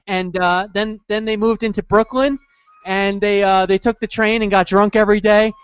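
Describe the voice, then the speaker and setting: A man's voice: high-pitched, fairly even intonation, moderate pace, clean tone, no echo, muffled recording, faint music behind. A man co-hosting a podcast, chatting casually and telling stories with jokes. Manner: joking, loose storytelling with put-on voices. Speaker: podcast co-host. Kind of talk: casual comedic chat.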